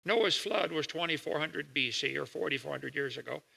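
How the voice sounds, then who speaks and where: A man's voice: fairly high pitch, lively intonation, vocal fry, bright, forceful tone, husky. Older man lecturing folksily in a hall. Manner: explains slowly with homely examples, checks with listeners. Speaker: creationist lecturer. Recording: reverberant hall recording.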